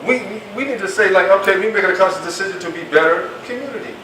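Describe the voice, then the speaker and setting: A man's voice: high-pitched, very fast, bright, forceful tone. A man teaching a class, speaking emphatically and casually and acting out the things people say. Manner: emphatic, colloquial, acts out quoted speech. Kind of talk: classroom lecture. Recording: echoey room, mic at a distance, faint noise.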